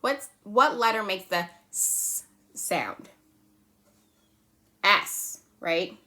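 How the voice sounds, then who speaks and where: A woman teaching a phonics lesson to young children, patient and slow, checking in often with "right?" and "okay?". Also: mid-range voice, expressive, pushed and bright. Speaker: kindergarten teacher.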